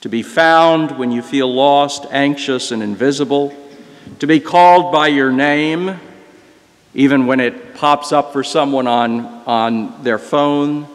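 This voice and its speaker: An older male priest preaching from a church, his storytelling slow and unhurried. His mid-range voice rings out with long reverb in the church. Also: mid-range voice. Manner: slow, reflective and gentle. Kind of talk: sermon storytelling.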